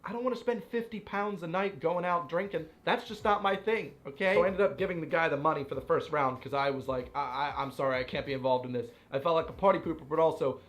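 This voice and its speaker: Animated high-voiced young man. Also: fast talker, few pauses. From United States. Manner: animated, playfully exasperated storytelling. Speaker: vlogger. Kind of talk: casual commentary.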